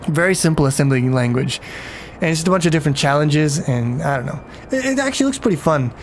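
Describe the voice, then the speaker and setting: A man's voice: on the high side, expressive, quick pace, a little hiss or hum. A man casually commenting on his game during a livestream, rambling, swearing freely and chatting with viewers. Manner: rambling, profane, talks to chat.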